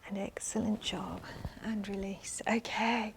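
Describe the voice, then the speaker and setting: A woman instructor leading an online Pilates class, calmly cueing and counting reps, slightly out of breath as she exercises along. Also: medium pitch, a little slow, vocal fry, background noise. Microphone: worn mic.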